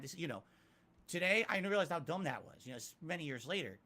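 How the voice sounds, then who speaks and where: A man answering interview questions candidly, self-critical and emphatic, rising to loud peaks. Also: on the high side, animated, quick pace. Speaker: interviewee, YouTuber.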